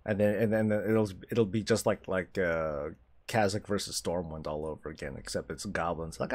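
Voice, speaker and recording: A male streamer chatting casually while playing a game, animated, swearing freely and laughing often. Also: low-pitched, moderate pace. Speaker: streamer host. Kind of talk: casual gameplay commentary.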